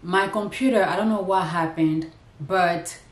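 A woman's voice: on the low side, measured pace. Chatty woman vlogging in an echoey room. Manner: chatty, rambling, talks straight to viewers. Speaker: lifestyle vlogger. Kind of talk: casual vlog chat to camera. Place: indoors at home.

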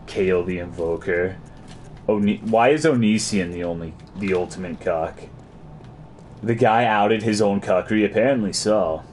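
A man's voice: sits low, a little hiss or hum. A man streaming a game, chatting casually and crudely as he reads and answers his chat.

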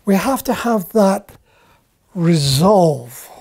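A man preaching a Bible teaching sermon, deliberate and repeating key phrases for emphasis. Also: high voice, expressive, darkish tone, husky.

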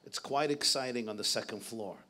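A man giving a sermon as a rabbi, telling stories in an animated way and sprinkling in Hebrew and Yiddish terms. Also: medium pitch, a little fast. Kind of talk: sermon storytelling.

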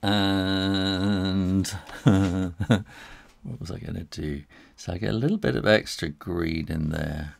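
A man's voice: low voice, steady tone, slow pace, vocal fry, pauses often. A middle-aged man, an illustrator, chatting cheerfully through a live drawing demo and reading out viewer comments, laughing often.

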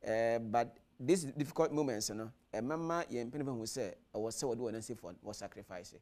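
A Ghanaian clergyman with a voice of ordinary pitch speaks on a studio panel. He mixes Twi and English. His tone is firm and defiant, and he leans on proverbs. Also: a little fast, darkish tone. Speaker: clergyman guest addressed as Father.

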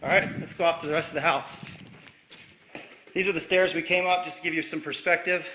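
A man's voice: on the high side, fairly even intonation, brisk, pushed and bright, a little hiss or hum. A man giving a casual, upbeat and jokey walkthrough tour of a large house, filmed on a handheld camera as he walks from room to room. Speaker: real estate agent giving a property tour. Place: inside a large empty house, walking room to room. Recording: echoey empty rooms.

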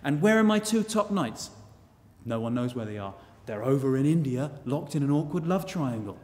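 A man tells a tale live with wry, chatty asides, his voice sitting at a middle pitch. It rings with a long reverb in a church. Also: expressive, normal speed. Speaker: storyteller. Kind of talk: live comic storytelling.

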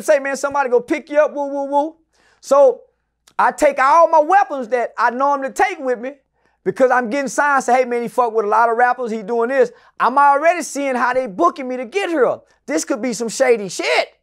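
A man's voice: extremely high pitch, a little fast. A middle-aged man telling a long story as an interview guest, cursing freely and acting out the people he quotes. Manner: profane, loud, acts out the people in his story. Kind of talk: animated storytelling in a casual interview.

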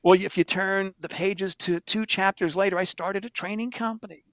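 A middle-aged man, a sales trainer, telling stories in an animated, emphatic way as an interview guest. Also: high voice, moderate pace, dry recording. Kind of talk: storytelling interview answer.

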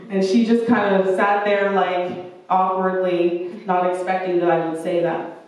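A woman's voice: mid-range voice, level tone, unhurried, darkish tone. A young woman preaching a sermon and telling a personal story, earnest and acting out the voices of the people she quotes. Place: church hall. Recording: echoey church room, mic at a distance.

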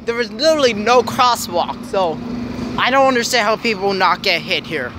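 A man's voice: high voice, lively intonation, normal speed. A young man filming a casual vlog on a snowy city street, rambling and upbeat as he hunts for words. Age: young adult. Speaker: vlogger filming his family walk. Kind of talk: casual handheld vlog narration. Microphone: handheld camera. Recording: outdoor street noise, traffic.

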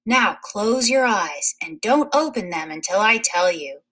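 A woman reading a storybook aloud and voicing a kind, patient old male woodcutter in a gentle, proud tone. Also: mid-range voice, expressive, a little slow, husky, low-quality recording.

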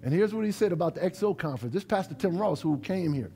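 A middle-aged man from New Orleans with a New Orleans accent, a pastor preaching a lively sermon to his congregation in a church. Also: high voice, fast talker, creaky, faint music behind. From New Orleans, USA. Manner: animated preaching, dialect-rich, talks straight to the congregation. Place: church sanctuary.

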